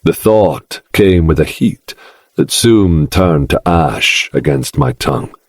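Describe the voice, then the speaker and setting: A man with an extremely deep voice narrates in a slow, brooding first-person style. His tone is husky, and the recording is dry and close. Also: expressive, no echo. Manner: slow, brooding, dark delivery. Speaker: audiobook narrator.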